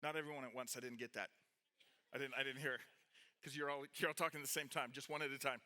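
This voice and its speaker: A man's voice: a little high, quick pace. A man preaching a sermon, reading from the Bible, explaining it with a map and asking his listeners questions. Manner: animated, with restarts, questions to the audience. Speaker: pastor teaching a youth group.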